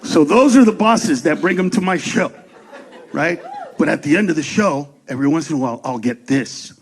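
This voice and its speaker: A man doing a stand-up comedy set on a club stage, loud and profane, acting out characters in quick voices. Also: on the high side, animated, slightly rough. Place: comedy club stage before a laughing audience.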